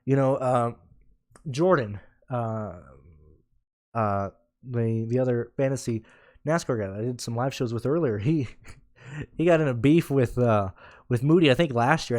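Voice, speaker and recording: A man's voice: medium pitch, normal speed, a little mellow, no echo, clean studio sound. A man ranting in a casual podcast, blunt and sarcastic, swearing freely and rambling with restarts. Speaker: podcast host. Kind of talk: casual rant.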